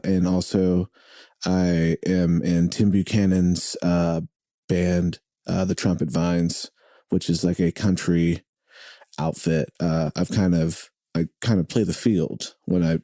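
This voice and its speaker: A relaxed podcast guest, a drummer and radio host, chats casually in an interview at the host's home. His voice is dark, dry and low-pitched, slow in pace with no room sound, and he rambles with many fillers and restarts.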